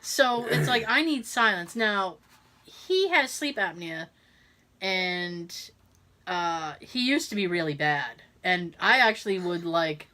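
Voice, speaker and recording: A woman co-hosting a podcast speaks slowly in a lowish voice. Animated and quick to laugh, she tells stories in a relaxed, chatty way.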